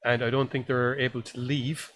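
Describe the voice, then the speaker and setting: A man co-hosting a horror podcast in casual chat, trading dry, deadpan quips. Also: medium pitch, moderate pace, a little hiss or hum. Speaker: podcast co-host, film reviewer.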